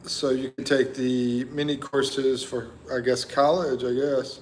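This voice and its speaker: A man hosts a relaxed live chat, greeting viewers by name and wandering from thought to thought. He talks at an unhurried, slow pace in a mid-pitched voice. A faint noise sits behind him. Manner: rambling, chatty, thinks aloud. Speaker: livestream host. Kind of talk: casual live chat reading viewer comments.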